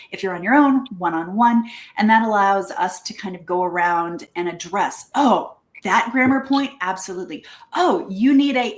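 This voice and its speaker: A woman giving a casual presentation to a networking group about her language school, lively and chatty, acting out little quoted exchanges. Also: medium pitch. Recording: echoey room.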